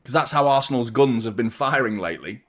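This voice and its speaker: A man's voice: medium pitch, lively intonation, a little fast. Young guy, casual watchalong host, rambling and jokey, mid-range voice. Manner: rambling, jokey, reads out viewer shout-outs. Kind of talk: casual live-stream chat.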